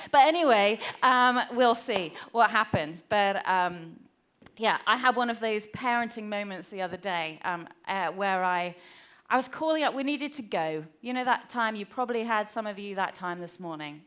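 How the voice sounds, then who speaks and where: A woman's voice: fairly high pitch, a bit bright, smooth. A woman pastor, preaching a sermon in a chatty, self-deprecating way with lots of fillers. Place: church.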